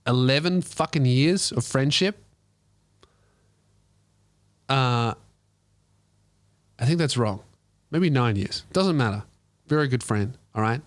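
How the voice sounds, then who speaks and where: A man with an Australian accent, a comedian telling a rambling, profane story in casual, animated talk. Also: medium pitch, no room sound. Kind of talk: comic storytelling.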